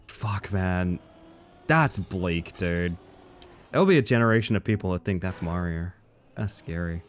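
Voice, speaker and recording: A man's voice: sits low, animated, measured pace, slight background noise. A young man streaming a game live, chatting casually with viewers and swearing freely. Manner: casual and profane, reading and answering chat. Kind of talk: casual live-stream chat while gaming.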